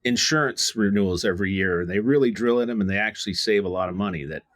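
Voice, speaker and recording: Deep-voiced man, frank and rambling. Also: quick pace, fairly bright tone, no room sound, clean studio sound. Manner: rambling, restarts often, frank with mild profanity. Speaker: guest, home services business owner. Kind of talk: conversational interview answers.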